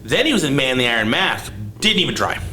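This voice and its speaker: Fast, bright-voiced man swearing freely. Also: medium pitch, a little hiss or hum. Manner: blunt, profane, animated. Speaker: podcast host. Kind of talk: casual chat.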